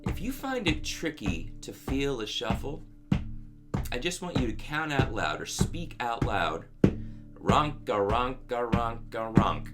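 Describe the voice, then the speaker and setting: A man giving a guitar lesson in a calm, methodical way, counting beats and scatting rhythms aloud as he explains the parts. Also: mid-range voice, a little slow. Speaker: guitar teacher. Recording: music playing loud under the voice.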